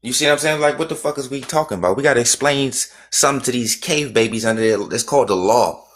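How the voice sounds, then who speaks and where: A man's voice: mid-range voice, fast. Emphatic man ranting on a livestream. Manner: emphatic, repetitive, rhetorical questions. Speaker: livestream host. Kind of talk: casual livestream rant.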